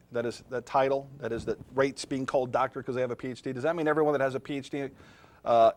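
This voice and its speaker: A middle-aged man lectures on philosophy to a class. His delivery is conversational and unscripted, with pauses to put questions to the room. His voice sits at an ordinary pitch for a man. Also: no room sound. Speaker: philosophy professor.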